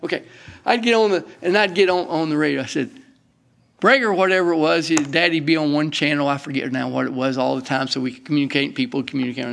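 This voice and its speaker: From the pulpit, a middle-aged pastor with a gravelly, slightly high, somewhat bright voice delivers a sermon, talking fast in a steady tone. He works through scripture with emphasis and pauses for folksy asides to the congregation.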